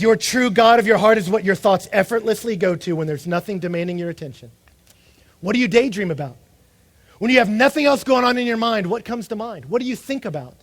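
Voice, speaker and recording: A man preaching a sermon in an animated way, acting out the voices of the people he quotes. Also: high voice. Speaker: pastor.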